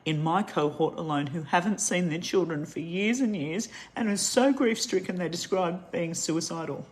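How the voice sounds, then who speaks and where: A middle-aged Australian woman vlogs an angry, impassioned monologue straight to camera, ranting with heavy emphasis. Her voice is lowish, at a normal speed.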